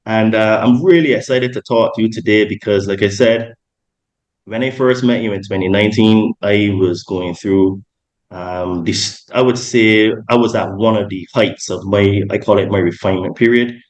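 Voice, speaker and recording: A man's voice: on the low side, moderate pace, low-quality recording. A young adult man hosting a podcast, talking in a rambling way with many ums and self-corrections. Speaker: podcast host. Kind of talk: casual podcast interview.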